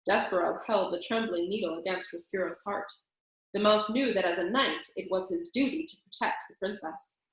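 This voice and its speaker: A woman teacher reading a children's book aloud with expressive storytelling. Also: mid-range voice. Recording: very echoey room.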